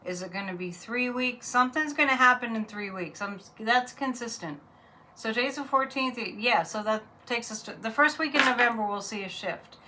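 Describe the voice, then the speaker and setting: A woman's voice: on the high side, moderate pace, bright, forceful tone, slight background noise, poor audio. A woman reading tarot cards in a casual, blunt, chatty monologue. Her voice rises sharply when she is incredulous. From Massachusetts. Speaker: psychic reader.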